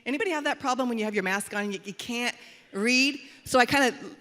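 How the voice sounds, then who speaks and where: A middle-aged woman pastor preaching a sermon in a church auditorium, telling a story with animated, dramatic delivery. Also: fairly high pitch, fast talker. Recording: long hall reverb.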